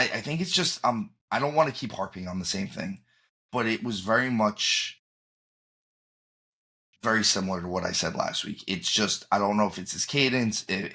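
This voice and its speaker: A man's voice: fairly low pitch, sharp tone. A man co-hosting a podcast in casual chat, opinionated and emphatic, often restarting his sentences. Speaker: podcast co-host.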